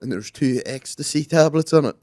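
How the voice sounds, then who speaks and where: A man's voice: fairly high pitch, brisk, dark tone, no room sound, studio quality. A young man co-hosting a podcast, telling crude stories in casual chat and laughing along. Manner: crude, laughing storyteller, drops to a murmur when quoting. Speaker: podcast co-host.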